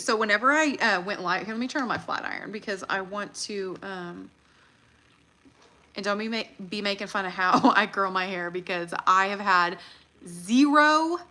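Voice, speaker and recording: Bright-voiced excitable woman. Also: medium pitch. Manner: chatty and excitable, laughs often. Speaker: livestream host. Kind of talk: casual livestream chat.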